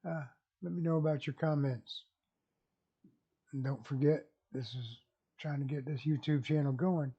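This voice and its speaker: A man's voice: a little high, steady tone, normal speed, pauses often, warm tone, breathy edge, lo-fi sound. A man vlogging casually, rambling folksily and chuckling at his own jokes. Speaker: YouTube vlogger.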